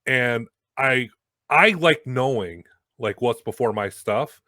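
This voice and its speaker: A young man hosting a casual chat, telling a story with lots of swearing and loud acted-out quotes. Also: medium pitch, takes it slowly, dry recording. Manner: animated, swearing, acts out quotes loudly. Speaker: host.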